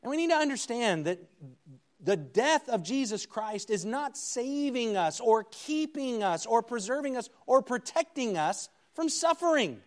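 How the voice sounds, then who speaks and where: A man preaching a sermon, reading scripture aloud with slow dramatic emphasis and rising to loud, emphatic peaks. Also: very high-pitched, sing-song.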